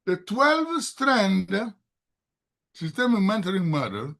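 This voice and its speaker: An older man lectures with bursts of excitement, pressing each point home. His voice sits high and rings bright. He speaks over a video call. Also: measured pace. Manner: excitable, emphatic lecturing that rises loudly when stirred. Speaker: STEM mentor presenting a program. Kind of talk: online presentation on a video call.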